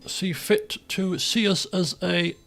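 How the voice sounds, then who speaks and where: A man giving casual gameplay commentary, rambling with lots of fillers and the odd excited outburst. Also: sits high, slow, gravelly. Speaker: let's play gamer.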